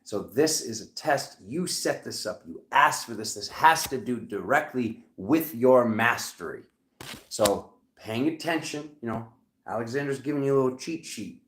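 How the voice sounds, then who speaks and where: A man's voice: mid-range voice, expressive, normal speed, a bit bright, reverberant, slight background noise. A man with a Rhode Island accent giving a casual tarot reading, rambling and cracking jokes as he goes. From Rhode Island, USA. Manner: rambling, joking asides. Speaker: tarot reader.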